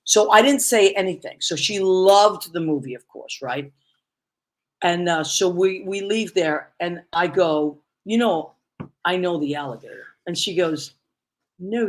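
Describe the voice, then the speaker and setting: A woman hosting a casual interview, telling stories with lots of exclamations. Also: on the low side. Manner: effusive, storytelling with many exclamations. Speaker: talk show host.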